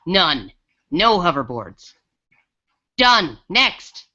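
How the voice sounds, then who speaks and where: A woman's voice: fairly low pitch, sing-song, drawn-out words, pushed and bright. A woman co-hosting a podcast, telling a story in a casual, rambling way with many restarts. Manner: rambling, lots of restarts and fillers. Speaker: podcast co-host. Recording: dull lo-fi audio.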